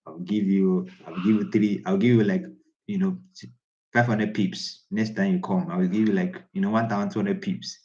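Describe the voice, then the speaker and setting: A man voicing gold as an indulgent, generous male boss, in a lazy, drawn-out manner. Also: lowish voice, expressive, darkish tone, muffled recording, pitched below the performer's own voice, close to an everyday voice.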